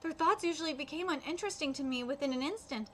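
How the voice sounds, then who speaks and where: A woman reading the part of a wistful ancient spirit aloud, broken by fillers and pauses. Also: high voice, fairly bright tone, slight background noise. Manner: read aloud with hesitant fillers.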